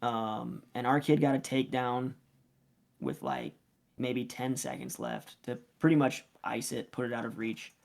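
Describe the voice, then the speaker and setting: A man's voice: medium pitch, lively intonation, unhurried, vocal fry. A man who coaches youth wrestling, telling a story casually on a podcast, acting out the quoted lines with lots of fillers.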